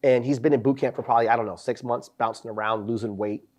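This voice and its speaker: A young man and podcast host telling boot camp stories in casual chat, animated and profane, acting out the voices of people in his stories. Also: medium pitch, fast.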